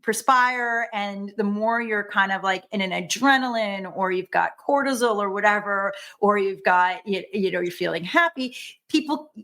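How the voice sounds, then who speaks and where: A woman guest on a podcast, an executive coach, chatting in a lively, animated way with frequent restarts. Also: medium pitch, normal speed. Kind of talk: casual conversational interview.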